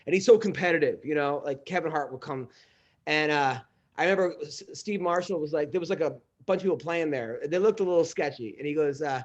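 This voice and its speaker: A man's voice: fairly high pitch, brisk, dull audio. A man, a comedian, telling rambling stories in casual podcast chat, full of fillers and restarts. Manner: rambling storytelling with lots of fillers. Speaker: comedian guest.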